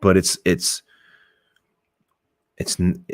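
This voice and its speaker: A middle-aged man with a very low voice talks bluntly in a loose, rambling way, often restarting his sentences and swearing as he makes his points. The sound is dry and close. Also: monotone, extremely slow, dry recording. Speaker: podcast host. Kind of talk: casual opinionated talk.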